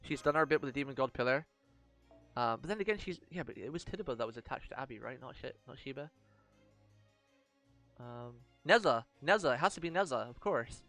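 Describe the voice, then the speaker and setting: A man streaming a mobile game live, reading out the story and reacting excitedly as he plans his team. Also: mid-range voice, brisk, soft background music. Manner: excitable, reacts loudly, talks through strategy.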